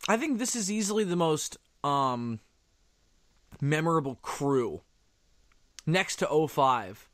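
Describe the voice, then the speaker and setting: A man's voice: on the high side, big pitch swings, slow, a bit bright, dry recording. A man co-hosting a casual movie commentary, chatty, reacting to the screen and swearing casually. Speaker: commentary co-host.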